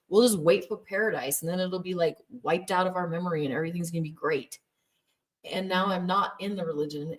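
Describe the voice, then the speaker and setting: A woman's voice: lowish voice, recorded from a distance. A woman in her thirties telling her personal story candidly, often laughing as she speaks. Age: 30s. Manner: candid, laughs often, acts out quoted voices. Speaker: former Jehovah's Witness telling her story. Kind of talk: personal testimony.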